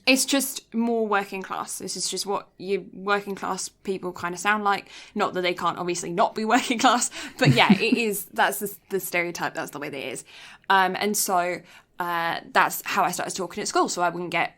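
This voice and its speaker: Bright-voiced English woman, chatty podcaster. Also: medium pitch, moderate pace. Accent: English, mixed with Canadian. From England. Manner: chatty, rambling, lots of fillers and asides. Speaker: podcast co-host. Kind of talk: casual podcast chat.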